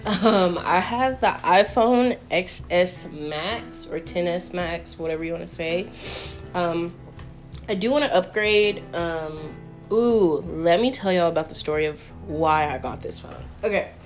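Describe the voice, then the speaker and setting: A young woman telling a story in a chatty, animated way, full of fillers, answering viewer questions. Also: lowish voice, unhurried, soft background music. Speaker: vlogger. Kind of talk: casual Q&A storytelling.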